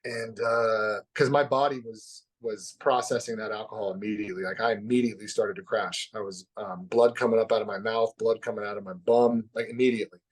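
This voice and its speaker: A man as a podcast guest, telling a personal story in an open, reflective way that drops soft at the heavy parts. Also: fairly low pitch, fairly even intonation, a little fast, hardly any pauses. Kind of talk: candid conversational storytelling.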